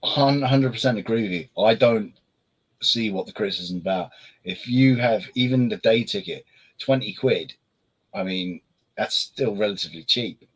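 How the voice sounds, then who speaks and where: A man's voice: on the low side, normal speed, husky, rough recording. A man co-hosting a casual beer review chat, rambling with lots of fillers and restarts.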